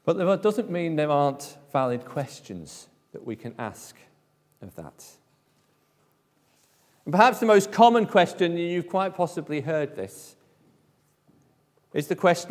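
A man preaching a sermon, speaking emphatically and letting phrase endings fall to a hush. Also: fairly high pitch, animated, unhurried, long pauses, long reverb tail.

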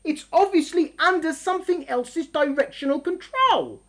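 A middle-aged woman teaching a lesson in an emphatic, animated way, full of rhetorical questions. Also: extremely high pitch, unhurried, few pauses. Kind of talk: lively classroom lesson.

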